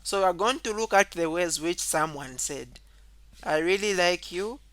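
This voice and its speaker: A man at a moderate pace gives a grammar lesson, captured on a dry recording. He breaks the material into steps, repeats the important parts, says "okay" frequently, and reads sample sentences with added emphasis, louder and higher-pitched.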